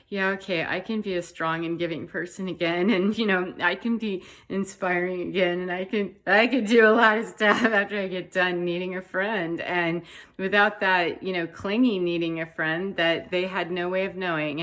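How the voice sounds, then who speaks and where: A woman talking through her feelings in a heartfelt, rambling way, with many fillers and soft laughs. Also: lowish voice. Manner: heartfelt, rambling, frequent "you know" fillers. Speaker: spiritual vlogger. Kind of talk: emotional personal monologue.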